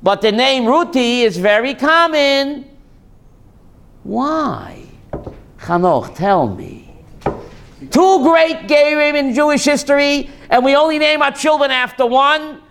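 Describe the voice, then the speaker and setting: A man's voice: very high-pitched, lively intonation, slow pace, a bit bright, slight background noise. A man, a rabbi, giving a joking Torah class to a live audience and putting questions to them.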